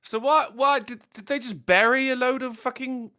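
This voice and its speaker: A man's voice: very high voice, steady tone, normal speed, pushed and bright, clear, resonant tone, no echo, studio quality. A man co-hosting a podcast, trading sarcastic quips in casual banter. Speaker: podcast co-host.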